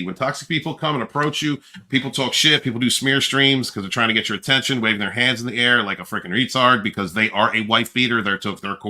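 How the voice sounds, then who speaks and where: A man's voice: medium pitch, bright, forceful tone. A man hosting a livestream, rambling brashly and boasting, with frequent laughs. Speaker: livestream host. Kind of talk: casual livestream chat.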